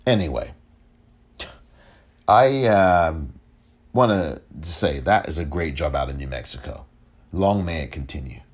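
A man hosting a solo commentary podcast, emotional and halting, often repeating himself. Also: extremely low pitch, lively intonation. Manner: emotional, halting, repeats himself, audibly moved to near tears. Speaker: podcast host.

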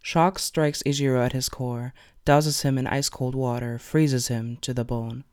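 A man narrating fan fiction aloud in an expressive storytelling way. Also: mid-range voice, normal speed, few pauses, smooth.

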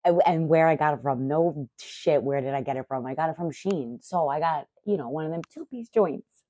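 A middle-aged woman vlogging in casual chat, excitable, profane and rambling. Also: low voice, normal speed, dry recording.

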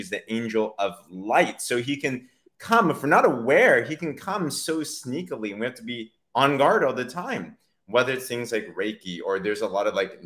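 A male podcast host with a fairly low voice. He speaks in an affirming tone and murmurs agreement as his guest talks. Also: a bit bright. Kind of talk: casual faith-based interview talk.

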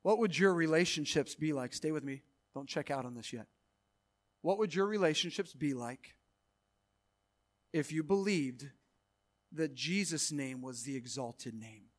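Preaching as pastor, this man's voice is a little high. He moves between hushed, quiet lines and loud, stretched-out proclamations, breaking into rapid exhortation at times.

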